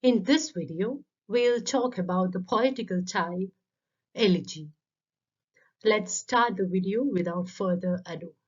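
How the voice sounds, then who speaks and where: Methodically breaking down literary terms one by one, a female teacher narrates a scripted lecture at a measured pace. Her mid-range voice has a slight roughness, and the voice-over recording is dull and lo-fi.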